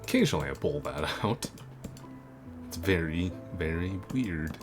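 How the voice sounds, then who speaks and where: A man with an extremely deep voice talks through his gameplay at an unhurried pace. He wanders between thoughts, dropping "uh" and "like" as he goes. Game music plays clearly beneath him, with keys clicking now and then. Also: lively intonation. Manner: rambling, full of fillers and self-corrections. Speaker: gaming video creator. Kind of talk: casual gameplay commentary. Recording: game music playing underneath.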